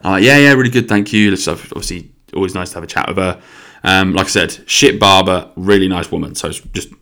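Young podcast host, low voice, rambling and sweary. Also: male voice, flat delivery, brisk, gravelly, fairly bright tone. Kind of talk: casual solo podcast monologue. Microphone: podcast microphone.

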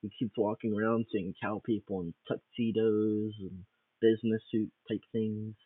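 Man narrating a silly improvised tale, rambling delivery; husky, low voice, dry phone-quality recording. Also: flat delivery, moderate pace, dry recording, distant mic. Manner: rambling, with restarts and fillers. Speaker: storyteller. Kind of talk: improvised comic storytelling.

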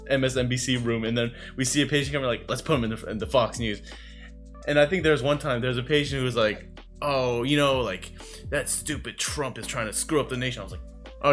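Jokey mid-pitched man telling anecdotes. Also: fairly bright tone. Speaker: podcast co-host. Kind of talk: casual podcast chat.

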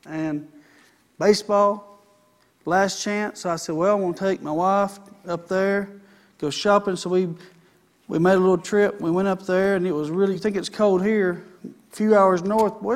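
Preaching at a moderate pace, this middle-aged pastor has a high-pitched voice. He draws call-and-response from his listeners, asking them for an "Amen."

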